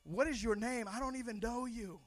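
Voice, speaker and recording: A preacher playing a fretful old Moses. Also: male voice, very high-pitched, normal speed, pitched above the performer's own voice. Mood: incredulous. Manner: pleading, agitated. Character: anxious older Moses, male, fretful.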